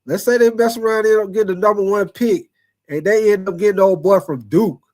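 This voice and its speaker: A man hosting a sports livestream in casual chat, reading super chats and answering viewers by name, animated and repetitive, laughing often. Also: sits high, a little fast. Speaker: sports talk livestream host.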